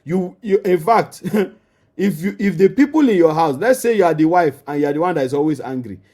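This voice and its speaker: Nigerian guy preaching marriage advice, kinda high voice, keeps repeating himself, talks straight at you. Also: animated, brisk, mellow. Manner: emphatic, repetitive, addresses listener directly. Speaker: marriage counselor. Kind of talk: marriage teaching.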